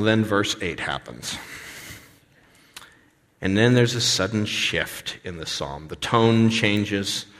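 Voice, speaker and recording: A man preaching a sermon as pastor, animated and expressive, sometimes acting out the voices of complaining people. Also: on the low side. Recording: long reverb of a hall.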